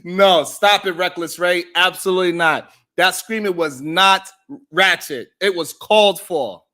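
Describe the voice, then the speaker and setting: A man's voice: high voice, unhurried, pushed and bright. A man hosting a live stream, ranting in heated, profane reaction commentary.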